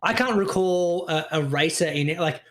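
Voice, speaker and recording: A man's voice: sits high, moderate pace. A man, co-hosting a podcast with rambling, sweary storytelling full of fillers. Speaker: podcast co-host. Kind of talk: casual chat.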